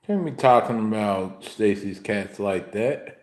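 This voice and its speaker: A man's voice: lowish voice, a little slow, echoey room. A young man hosting a livestream, indignantly scolding a viewer in the chat with repeated questions. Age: young adult. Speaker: livestream host.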